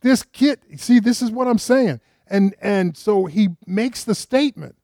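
A man's voice: high-pitched, a little slow, gravelly, darkish tone, no room sound, clean studio sound. A man preaching a sermon, retelling a story conversationally with rhetorical questions and frequent restarts. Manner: frequent restarts, rises with emphasis.

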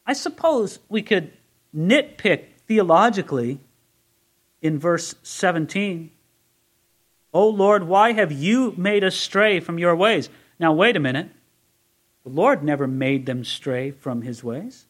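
A man's voice: sits high, animated, unhurried, a bit bright. A man preaching expository Bible teaching, reading scripture aloud with rising intensity and asking listeners direct questions. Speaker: pastor.

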